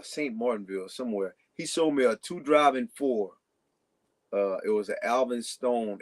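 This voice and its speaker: A man telling long casual stories as a guest on a talk show, rambling with frequent restarts. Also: mid-range voice. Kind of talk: casual storytelling.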